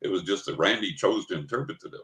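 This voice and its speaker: A man's voice: deep voice, quick pace, fairly bright tone. An older man, a psychic guest in an interview, telling an anecdote casually and acting out the quoted dialogue. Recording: roomy echo.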